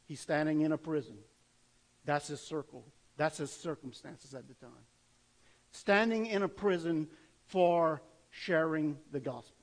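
A man's voice: on the high side, a little slow, low-quality recording. A man preaching a sermon in an earnest, conversational way, asking rhetorical questions of his listeners. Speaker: pastor.

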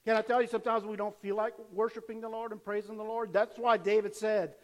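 An older man preaching a sermon in a church, animated and conversational, acting out cheering fans. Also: sits high, fast, in a large hall, dull audio. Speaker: pastor.

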